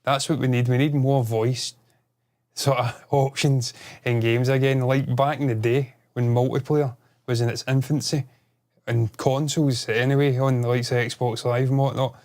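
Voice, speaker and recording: A man co-hosting a casual podcast, excitable and rambling, swearing freely. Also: medium pitch, normal speed. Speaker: podcast co-host.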